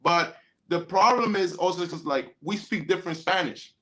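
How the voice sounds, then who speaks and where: A man's voice: high voice, moderate pace, fairly bright tone. A man of Colombian background chatting loosely as a podcast guest, often restarting his sentences. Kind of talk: casual podcast chat.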